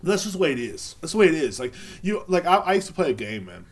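Man, solo podcast host, profane and sarcastic, voice swings high and low. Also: sing-song, fast. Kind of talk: casual solo podcast rant.

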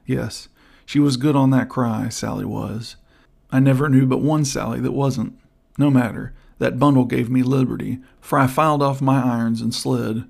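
A man reading the part of a gruff, gloomy old outlaw who offers hushed help. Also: medium pitch, steady tone, moderate pace. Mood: low urgent. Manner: rough, hushed, conspiratorial. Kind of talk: audiobook character voice.

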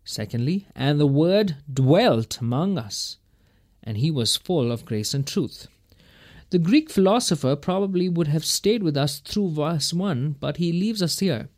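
A man's voice: on the high side, lively intonation, normal speed. A man teaching verse by verse through a Bible passage in a folksy, emphatic way, chuckling between his points.

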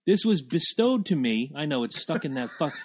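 A man's voice: on the high side, sing-song, moderate pace, a crowd in the background. Joking, swearing podcast co-host man. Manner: loose and joking, swears freely. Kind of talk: casual profane banter.

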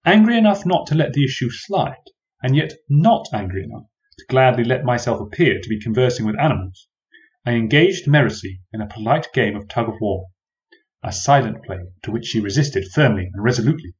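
A man's voice: medium pitch, animated, lo-fi sound. Wry man narrating an old-fashioned tale. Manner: measured, wry and old-fashioned formal phrasing. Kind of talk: first-person storybook narration.

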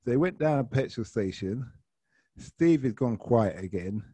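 A man's voice: mid-range voice, expressive, measured pace, dark tone, husky, no echo. Give me a casual London man telling a story from his driving shifts, dry and close. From South London. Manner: casual, slangy. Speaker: ride-hail driver. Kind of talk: anecdotal storytelling.

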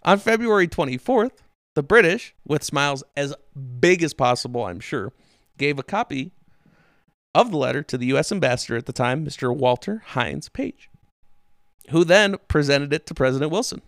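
A man's voice: a little high, lively intonation, normal speed, a bit bright, no room sound, clean studio sound. A man hosting a podcast, telling history casually and animatedly, with swearing and silly quoted voices. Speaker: podcast host.

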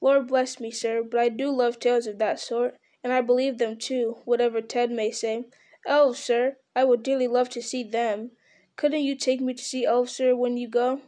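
A woman's voice: a little high, flat delivery, moderate pace, mellow, natural voice. A woman voicing an anxious, devoted young male hobbit gardener who speaks in a rustic, humble way, calling everyone sir. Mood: earnest.

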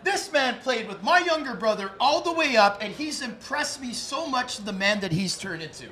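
In a sports bar studio, a young podcast host with a very high-pitched voice kicks off a live taping by hyping his guests like an announcer, then shifts into earnest conversation. He talks at a normal speed and comes across as excitable.

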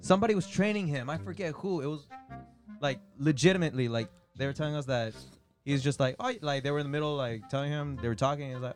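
A man's voice: on the high side, quick pace, faint music behind. A man chatting casually with coworkers, recounting a story loosely. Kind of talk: casual chat.

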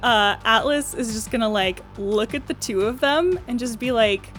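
A woman playing a tabletop game, talking casually with many fillers and getting forceful in character. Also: a little high, expressive, normal speed, few pauses, faint music behind. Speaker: player.

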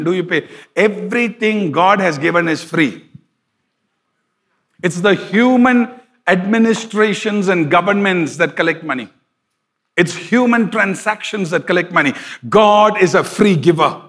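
A man's voice: high voice, lively intonation, unhurried, fairly bright tone. A middle-aged man, a pastor preaching conversationally and telling a story, chuckling often. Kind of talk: sermon with storytelling.

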